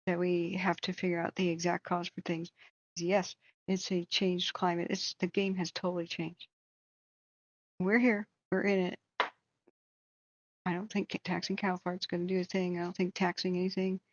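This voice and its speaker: A woman's voice: lowish voice, no room sound, lo-fi sound. A woman who hosts a wildfire tracking channel, giving a blunt, heated commentary rant with swearing.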